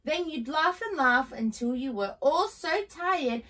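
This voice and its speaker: A woman reading a children's picture book aloud, in a gentle, expressive storytelling manner. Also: high-pitched, a little slow, recorded from a distance, rough recording.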